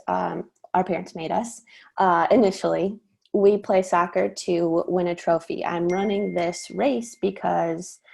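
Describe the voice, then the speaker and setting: A woman's voice: on the low side, vocal fry, darkish tone. A woman with a Midwestern US accent, a sports mindset coach explaining her approach earnestly in a casual podcast interview, with many fillers.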